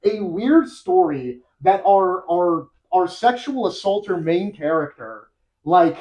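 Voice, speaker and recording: A young-adult podcast host casually retelling a story, animated and rambling, laughing often. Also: mid-range voice, takes it slowly, rough recording.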